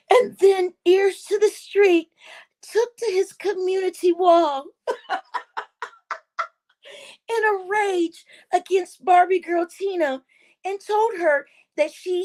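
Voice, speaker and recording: A young woman telling a story to her live chat, swearing freely and breaking into loud laughter again and again. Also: very high-pitched. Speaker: live streamer.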